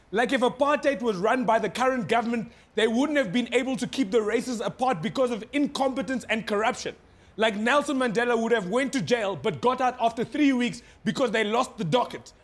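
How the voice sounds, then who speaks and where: An actor playing a cheeky, mock-serious foreign correspondent with a South African accent in a satirical news sketch, delivered deadpan. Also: male voice, extremely high pitch, fairly quick. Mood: wry.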